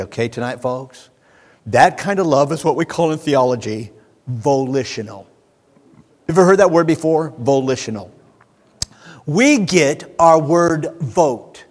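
A man's voice: on the high side, long reverb tail. A man preaching a sermon, moving from emphatic declarations to folksy asides to his congregation.

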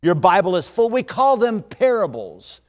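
A man preaching a sermon, emphatic and energetic, dropping his voice low when he prays. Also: normal speed. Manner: energetic, emphatic, hushed in prayer. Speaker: pastor. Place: church auditorium. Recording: long hall reverb.

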